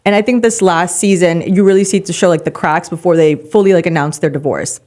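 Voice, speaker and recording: A woman's voice: on the low side, brisk, darkish tone. A young woman co-hosting a podcast, giving emphatic opinions and confident explanations in casual chat. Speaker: podcast co-host.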